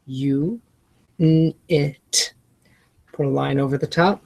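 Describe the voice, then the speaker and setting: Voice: medium pitch, fairly even intonation, measured pace, gravelly, darkish tone. A reading teacher walking colleagues through a spelling lesson, spelling words out letter by letter and enunciating each syllable, with friendly asides. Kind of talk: lesson-prep walkthrough.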